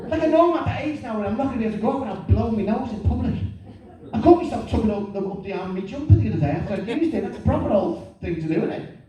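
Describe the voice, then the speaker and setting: A middle-aged man doing a lively, self-mocking stand-up comedy routine. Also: sits high, racing, a crowd in the background. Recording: echoey room, distant mic, faint noise.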